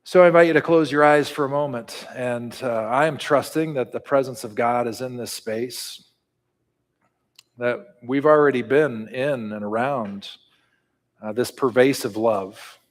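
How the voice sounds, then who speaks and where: A man's voice: medium pitch, a little slow. A man preaching a sermon and leading a prayer, earnest and building to call-and-response. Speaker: pastor. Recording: reverberant hall.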